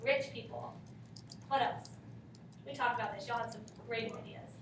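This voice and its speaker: Woman teacher quizzing her class, high voice, sounds far off in a big echoey room. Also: steady tone, moderate pace, noisy background. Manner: questioning, prompting students.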